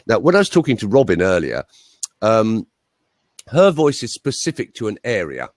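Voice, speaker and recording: A male voice coach with a standard Southern English accent, telling anecdotes in an animated way and mimicking voices. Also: lowish voice, moderate pace, dry recording. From Ireland. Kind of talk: interview, anecdotal chat.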